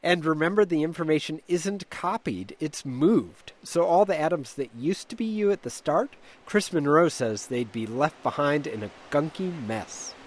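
Lively, wry male radio reporter. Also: on the high side, moderate pace, hardly any pauses, a little hiss or hum. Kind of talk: scripted news feature narration.

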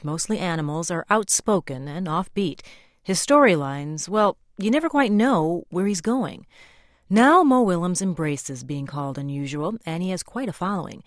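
A woman hosting a radio interview, introducing her guest and asking measured questions. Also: sits low, no room sound, studio quality. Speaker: radio host.

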